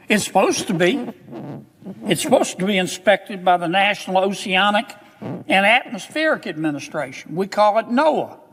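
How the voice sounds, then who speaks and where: A man's voice: high-pitched, fairly bright tone. A man, a politician, giving a formal floor speech with dramatic, folksy warnings. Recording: long reverb of a large chamber.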